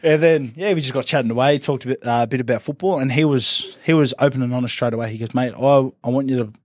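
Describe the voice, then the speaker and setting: A man, a professional rugby league player, telling stories in a casual interview, rambling and relaxed, saying "mate" often and acting out what others said. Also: mid-range voice, fast, dry recording, clean studio sound. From New Zealand family ties. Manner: relaxed, rambling, says "mate" a lot, acts out quotes.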